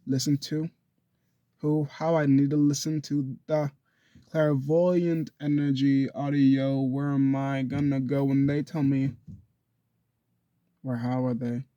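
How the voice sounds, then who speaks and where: A man's voice: medium pitch, level tone, slow, pauses often, warm tone, no echo, dull audio. A young man rambling through a loose, profane self-recorded monologue into a phone. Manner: loose and profane, drifts between thoughts.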